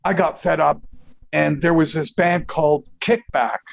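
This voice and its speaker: An older man from Canada tells rambling stories in an interview, swearing freely and acting out what others said. His voice sits a little high for a man. He talks at an unhurried, drawn-out pace. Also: gravelly. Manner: profane, animated, acts out quotes with laughs. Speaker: guest musician. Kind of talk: casual storytelling interview.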